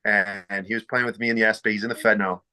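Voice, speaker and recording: A man's voice: lowish voice, fast. A young man on a podcast, telling rink stories in a casual, swearing, bantering way. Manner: storytelling, swearing, lively and bantering. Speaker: podcast host. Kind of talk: casual chat.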